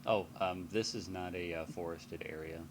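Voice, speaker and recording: A man running a tabletop game as game master, halting and casual. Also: low voice, steady tone, a little hiss or hum.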